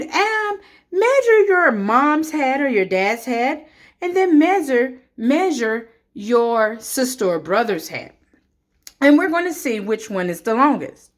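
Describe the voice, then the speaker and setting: A woman teacher speaking slowly and clearly to young children, clapping out names and counting along with them. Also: fairly high pitch.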